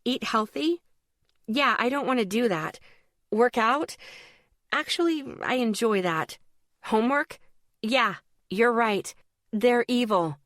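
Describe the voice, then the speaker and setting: A woman's voice: medium pitch, measured pace, no room sound, clean studio sound, close to an everyday voice. A woman voicing a sarcastic, hot-tempered teenage girl who snaps back in an audiobook. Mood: defiant. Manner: sarcastic, snappy.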